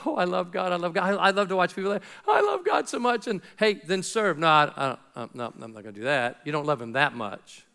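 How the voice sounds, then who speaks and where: A man's voice: high-pitched, pushed and bright, clear, resonant tone. A middle-aged man preaching a sermon as pastor, talking conversationally and acting out little dialogues.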